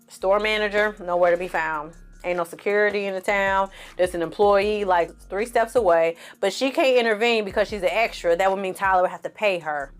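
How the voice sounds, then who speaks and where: A woman's voice: medium pitch, brisk, clear, resonant tone, soft background music. A woman recapping and reviewing a movie in a casual, blunt and profane way, full of sarcastic asides. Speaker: film reviewer.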